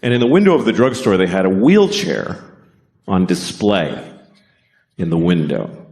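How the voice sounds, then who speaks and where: A man's voice: sits low, very animated, a little slow, darkish tone. A man doing a stand-up comedy routine, profane and sardonic, with rambling rants.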